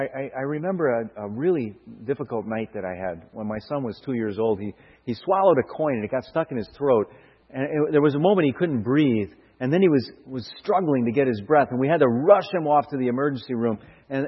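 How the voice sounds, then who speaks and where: A man's voice: mid-range voice, breathy edge. A middle-aged man preaching a sermon, earnest and searching, with stammered restarts and rhetorical questions that build to emphatic bursts. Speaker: pastor. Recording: dull lo-fi sound with hall reverb.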